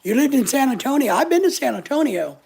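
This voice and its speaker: A woman's voice: high-pitched, very animated, fast, creaky, mellow, slightly rough. An older woman hosting a casual live chat, talking in a blunt, opinionated, chatty way. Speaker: channel host answering live chat.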